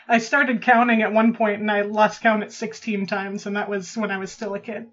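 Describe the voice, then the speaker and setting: A woman's voice: mid-range voice, flat delivery, normal speed, fairly bright tone, highs cut off. A woman on a casual movie podcast, remembering childhood and laughing often. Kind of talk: casual chat.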